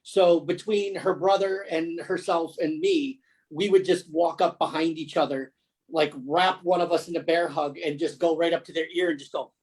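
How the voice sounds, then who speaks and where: A man co-hosting a casual podcast, talking in a rambling, halting way with many restarts. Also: on the high side, steady tone, darkish tone, poor audio. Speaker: podcast co-host. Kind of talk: casual chat.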